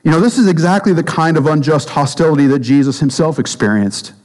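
A man preaching a sermon as pastor, emphatic, repeating phrases and dropping low and slow for stress. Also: a little mellow, long reverb tail, low-quality recording.

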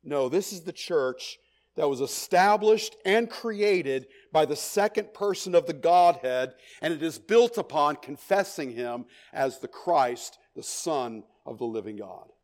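A middle-aged male pastor delivers a sermon in a fairly high voice. He preaches with emphasis, repeats his key phrases and keeps checking in with the congregation. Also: expressive, unhurried, a little mellow.

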